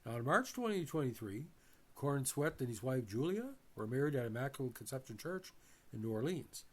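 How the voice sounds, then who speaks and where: A man hosting a movie review channel, reading off a bio and then giving his opinions, with frequent uh fillers and restarts. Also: medium pitch. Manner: addresses viewers as ladies and gentlemen.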